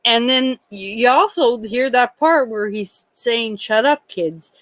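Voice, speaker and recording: A woman's voice: fairly high pitch, lively intonation, slow pace, no echo, low-quality recording. A woman hosting a true crime livestream, talking in a rambling, indignant way with many restarts and some swearing. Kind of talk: casual livestream chat.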